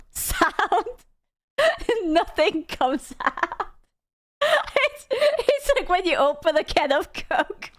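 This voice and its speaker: Young female streamer, high-pitched, animated storyteller who laughs and cusses. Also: dry recording. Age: young adult. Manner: animated, laughs often, swears freely. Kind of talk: casual storytelling to chat.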